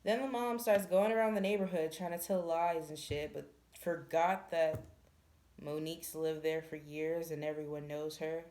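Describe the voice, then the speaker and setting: A woman's voice: low voice, level tone, normal speed, dark tone. A woman reviewing a book in casual chat, retelling the plot in a blunt, profane, exasperated way.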